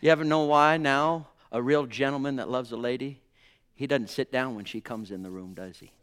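A man preaching a sermon with fervor, swinging between hushed tones and ringing exclamations and calling his listeners brothers and sisters. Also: medium pitch, moderate pace, smooth. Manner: addresses the congregation as brothers and sisters.

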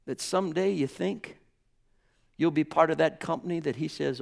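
A man preaching a sermon with fervor, swinging between hushed tones and ringing exclamations and calling his listeners brothers and sisters. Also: fairly high pitch, normal speed, creaky. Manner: addresses the congregation as brothers and sisters.

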